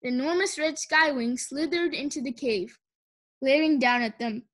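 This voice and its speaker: A woman's voice: high voice, moderate pace, a bit bright. Woman reading a children's fantasy book. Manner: reads aloud with small slips. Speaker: audiobook reader. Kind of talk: casual audiobook reading.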